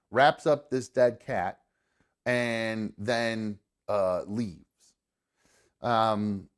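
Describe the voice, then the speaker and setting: A young man, a podcast host, telling a story in casual chat, profane and animated, acting out the people he quotes. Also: fairly low pitch.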